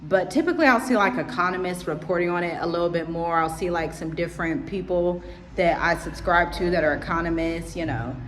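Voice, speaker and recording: A woman giving casual commentary to her viewers, animated, repeating herself for emphasis. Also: on the low side, fairly quick, a little hiss or hum. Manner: animated, repetitive, talks straight to viewers. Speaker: vlogger. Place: abroad, home setting.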